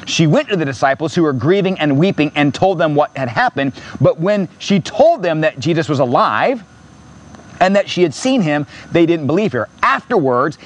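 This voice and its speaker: A man pastor preaching an impassioned sermon in a church, repeating phrases and rising to near-shouts. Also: a little high.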